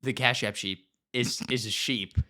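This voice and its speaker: Male podcast co-host, dry teaser, bright, sharp-edged voice. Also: mid-range voice, steady tone, a little slow. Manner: dry, teasing banter. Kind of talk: casual chat.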